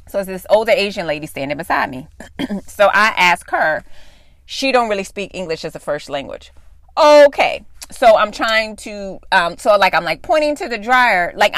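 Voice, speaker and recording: A woman's voice: medium pitch, a bit bright, dry recording, studio quality. A woman podcast host telling a rambling personal story in casual, profane speech with lots of asides.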